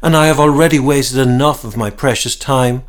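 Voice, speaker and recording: A man's voice: mid-range voice, moderate pace, lightly acted. A man voicing a haughty, ruthless businesswoman who leads demon slayers and barks scornful orders. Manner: imperious, scornful, barking orders.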